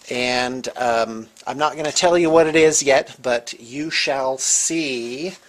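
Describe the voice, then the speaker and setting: A man hosting a casual show-and-tell vlog from his painting studio, excitable and rambling, chuckling as he goes. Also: mid-range voice. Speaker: host of a miniature painting studio channel.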